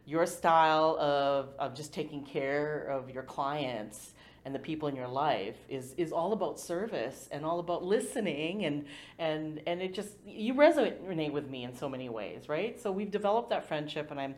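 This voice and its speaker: A woman's voice: low-pitched, animated, normal speed. A woman hosting a podcast interview, talking in a chatty, rambling way with plenty of fillers. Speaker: podcast host. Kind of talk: casual interview chat.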